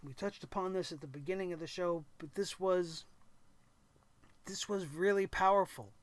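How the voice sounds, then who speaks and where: Animated wrestling show host, high voice. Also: male voice, normal speed. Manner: animated, acts out wrestlers' lines and shouts. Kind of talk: excited wrestling commentary.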